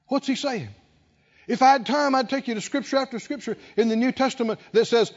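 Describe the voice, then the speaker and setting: A man's voice: very high voice, brisk. A male preacher delivering a sermon with emphatic, building repetition. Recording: dull lo-fi recording with long hall reverb.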